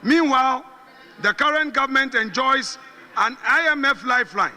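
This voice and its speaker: A man's voice: very high-pitched, bright, forceful tone. A man with a Ghanaian English accent delivering a combative parliamentary debate speech, repeating phrases for emphasis. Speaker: parliamentary minority leader. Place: large parliamentary chamber. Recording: long reverb of a large hall.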